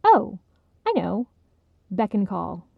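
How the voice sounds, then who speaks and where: A woman voicing a patient young woman who gently corrects her friend with amusement. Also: medium pitch, sing-song, slow, vocal fry, slightly rough, no echo, narrow, tinny audio, heavily acted. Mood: correcting.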